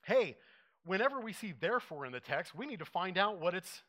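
A man preaching a sermon, conversational and animated, acting out little quotes as he teaches. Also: sits high, a little fast. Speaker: pastor.

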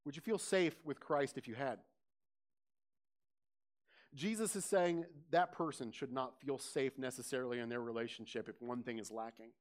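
A man's voice: mid-range voice, normal speed. A man preaching a sermon, asking his congregation direct questions and lifting his voice on quoted scripture. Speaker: pastor.

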